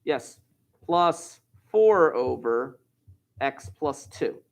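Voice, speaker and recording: This math teacher speaks extremely slowly in a medium-pitched, animated voice with vocal fry. He's teaching algebra in a live online class, explaining steps and joking with his students.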